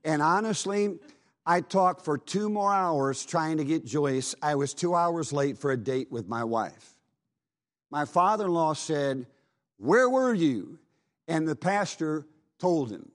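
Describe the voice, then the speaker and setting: A man's voice: a little high, a little slow. A man preaching, telling a dramatic personal testimony in an earnest voice. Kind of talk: sermon testimony.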